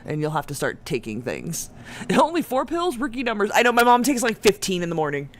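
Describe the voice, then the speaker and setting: A woman's voice: medium pitch, big pitch swings, a little fast. A woman in her forties co-hosting a live trivia stream from home, talkative and teasing, reading chat comments aloud. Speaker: co-host. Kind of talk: casual chat on a live game show.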